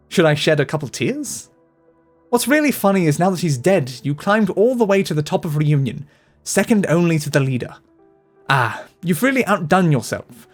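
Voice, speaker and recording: A man voicing a sly young woman mercenary with a sarcastic, mocking delivery. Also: on the high side.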